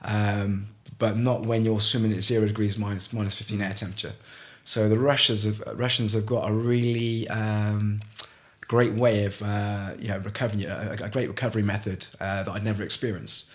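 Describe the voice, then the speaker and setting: Low-voiced man telling a story. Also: fairly even intonation. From Gloucester, England. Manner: halting, frequent restarts, vivid retelling. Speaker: guest, ice swimmer. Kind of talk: casual storytelling in a podcast interview.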